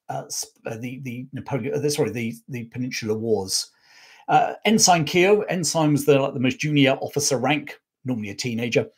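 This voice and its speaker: A man with a medium-pitched, slightly rough voice runs a live-stream history talk. He strays as he narrates, uses many fillers, and keeps going back to correct himself.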